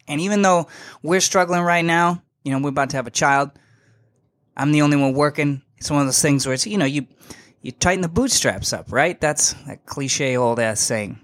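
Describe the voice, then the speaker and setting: A young man hosting a podcast, telling a story in a casual, animated and slangy way, emphatic and full of asides. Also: fairly high pitch, dry recording, clean studio sound. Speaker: podcast host.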